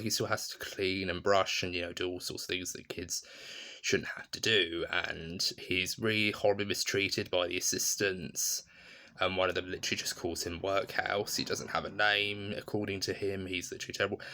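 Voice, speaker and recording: A man's voice: sits low, pushed and bright. A man giving a casual, rambling, enthusiastic film review in a vlog. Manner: rambling, enthusiastic, many fillers.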